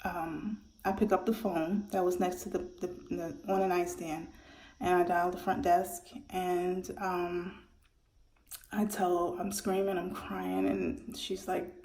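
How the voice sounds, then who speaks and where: A woman telling the story of her premature birth in a halting, emotional way, with many restarts. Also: on the low side, little pitch movement, warm tone, reverberant. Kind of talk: personal storytelling monologue.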